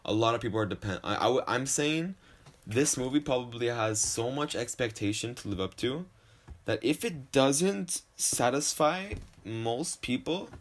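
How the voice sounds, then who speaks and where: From his home desk, a young man with a slight lisp hosts a solo podcast, rambling, swearing, and often poking fun at himself. His voice is medium-pitched and expressive, at a moderate pace.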